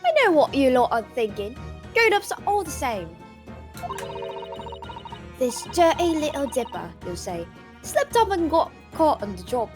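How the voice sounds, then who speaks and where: A woman putting on a cockney street girl, pickpocket, brash and lively, sing-song delivery, music behind. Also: sits high, a little slow, long pauses. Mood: taunting. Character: cheeky young Cockney pickpocket girl, defiant and proud.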